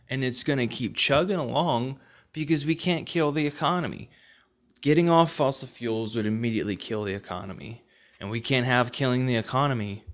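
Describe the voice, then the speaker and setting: A man's voice: medium pitch, fairly quick. Exasperated young man ranting. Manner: exasperated, incredulous ranting with rhetorical questions. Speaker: satirical ranter. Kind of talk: comedic rant.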